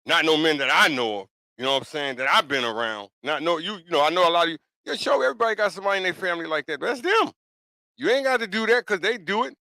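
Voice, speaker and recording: Blunt, insistent man with a bright voice. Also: on the high side, lively intonation, fast, creaky, dry recording. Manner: blunt, emphatic and repetitive, with frequent "you know what I'm saying". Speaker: podcast talk show host. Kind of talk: casual opinion monologue.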